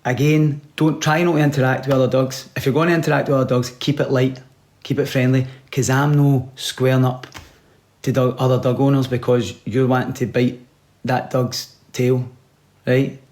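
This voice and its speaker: A man giving rambling, deadpan comic advice, sometimes dropping to a whisper. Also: medium pitch, moderate pace. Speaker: comedian. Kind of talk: comic monologue.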